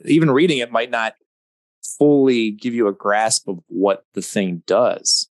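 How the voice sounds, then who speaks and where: A man's voice: medium pitch, measured pace, darkish tone, no echo. Man adding wry asides, dry sound. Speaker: communications director, webinar moderator. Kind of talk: conversational webinar discussion.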